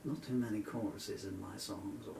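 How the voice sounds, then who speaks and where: A man's voice: lowish voice, steady tone, normal speed, gravelly, roomy sound, far from the mic, noisy background. A man in his sixties talking in a rambling, digressive way between songs, growing indignant as he goes. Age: 60s. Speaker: singer-songwriter.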